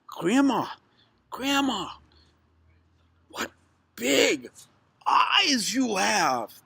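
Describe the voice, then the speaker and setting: A man voicing a sweet, innocent young girl in a storybook tale, with high girlish squeals. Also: sing-song, takes it slowly, creaky, a bit bright, slightly rough, no room sound, full character voice. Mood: wondering.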